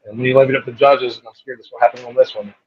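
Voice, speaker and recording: A man on a panel giving his picks in casual chat, quick and direct. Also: medium pitch, flat delivery, slightly rough. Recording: dull lo-fi sound.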